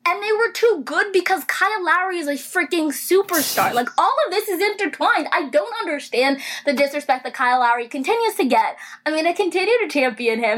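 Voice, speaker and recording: A woman with a high-pitched voice co-hosts a casual sports podcast. She talks fast and emphatically, building into a rant. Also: animated, a bit bright. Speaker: podcast co-host.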